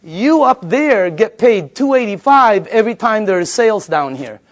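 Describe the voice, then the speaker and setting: A man in his fifties giving a sales pitch to a live audience. He tells stories in an animated way and repeats the audience's answers back to them. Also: moderate pace. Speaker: sales presenter.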